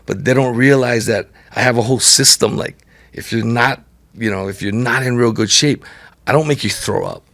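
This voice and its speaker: A man, a podcast guest telling stories in a relaxed, chatty way, laughing often and peppering his speech with "like" and "right?". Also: medium pitch, normal speed, gravelly. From Hawaii. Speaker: podcast guest, multi-sport champion. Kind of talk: casual storytelling interview.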